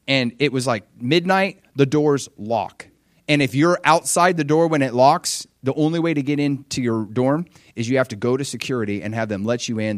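A young adult man preaching a sermon with animated storytelling, acting out the voices of people in his stories. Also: mid-range voice, no room sound, studio quality.

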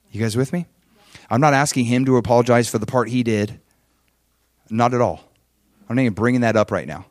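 A man's voice: mid-range voice, darkish tone, no echo, studio quality. A man preaching a sermon as pastor, emphatic and conversational, often checking in with his listeners. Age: adult father with children.

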